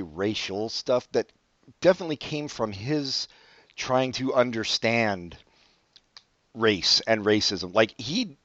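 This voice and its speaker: A man's voice: medium pitch, no echo, highs cut off. A man co-hosting a casual podcast chat, wry and swearing casually, often restarting his sentences. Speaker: podcast co-host.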